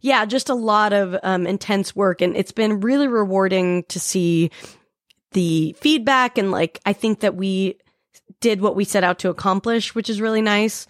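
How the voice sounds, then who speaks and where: A young woman guesting on a podcast, speaking in a relaxed, soft-spoken way. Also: medium pitch, moderate pace, dry recording, clean studio sound. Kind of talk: casual chat.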